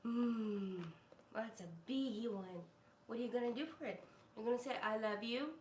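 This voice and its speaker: A woman's voice: a little high, normal speed, a little mellow. A woman streamer chatting casually and rambling, cooing to her dog between stories. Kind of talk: casual live-stream chat. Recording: echoey room with faint noise.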